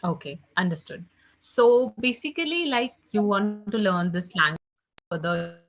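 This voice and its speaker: A woman's voice: medium pitch, lively intonation, unhurried. A woman tutoring a live online French class, chatty and repeating "guys" and "okay" often, heard over a video call. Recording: muffled video call audio.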